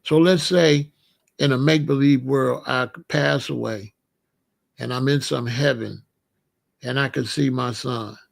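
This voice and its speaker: A middle-aged man talking casually and giving life advice, animated and conversational, with frequent restarts. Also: mid-range voice, unhurried, creaky. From Chicago area. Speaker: vegan lifestyle host.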